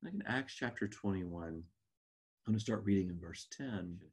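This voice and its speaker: Deep, husky-voiced man teaching Bible class. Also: expressive, measured pace. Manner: earnest, reflective. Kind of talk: recorded Bible class lesson.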